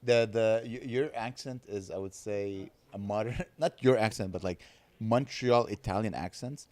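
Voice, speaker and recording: A man hosting a podcast, chatting casually and eagerly, quick to laugh. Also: fairly low pitch, darkish tone, dry recording. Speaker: podcast host.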